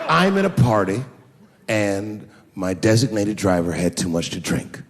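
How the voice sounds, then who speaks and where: A man's voice: medium pitch, expressive, a little slow, long pauses, long reverb tail. A man performing a stand-up comedy routine with crude, profane punchlines.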